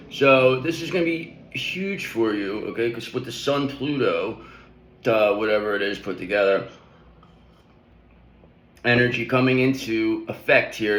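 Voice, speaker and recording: A man's voice: medium pitch, a bit bright, roomy sound, low-quality recording. A man giving a casual spiritual tarot reading, talking in a loose, rambling, slangy way with frequent check-ins to the listener. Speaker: tarot reader.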